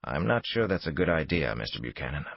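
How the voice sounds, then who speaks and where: A man voicing a sarcastic, guarded male private investigator in an audiobook thriller, with a husky voice. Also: extremely low pitch, big pitch swings, fast talker, no echo, highs cut off, heavily acted. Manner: sarcastic, exasperated.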